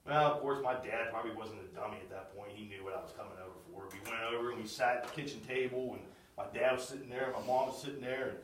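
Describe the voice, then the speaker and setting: A middle-aged man giving a spoken testimony, swinging from loud outbursts to hushed, almost whispered storytelling. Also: medium pitch, fast, reverberant, recorded from a distance, a little hiss or hum, poor audio. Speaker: speaker sharing a personal testimony. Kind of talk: testimony talk.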